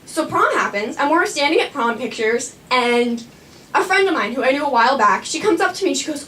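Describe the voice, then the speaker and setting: A woman's voice: sits high, expressive, fairly quick, fairly bright tone. Young woman on a little stage telling her story, lots of "like" and giggles, kinda far from the mic. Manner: chatty, lots of "like", laughs often. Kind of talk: live personal storytelling on stage. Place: small theater stage.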